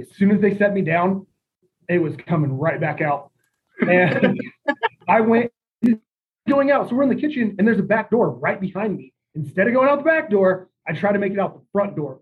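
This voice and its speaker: A young man telling a rambling party story in a laid-back, chuckling way. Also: high voice. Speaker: podcast guest. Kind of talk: casual storytelling. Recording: tinny phone-like audio.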